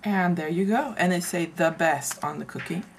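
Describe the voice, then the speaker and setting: A woman casually showing her handmade craft album, chatty and meandering, often pausing mid-sentence to search for words. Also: lowish voice, background noise. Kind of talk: casual show-and-tell craft video.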